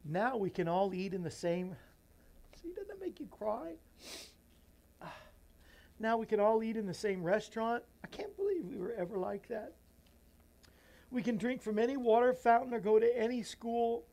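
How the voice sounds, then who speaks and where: A man's voice: sits high, fairly quick. Emotional man reading a children's book. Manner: emotional, voice drops soft and near tears; earnest, folksy asides to listeners. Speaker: radio show host.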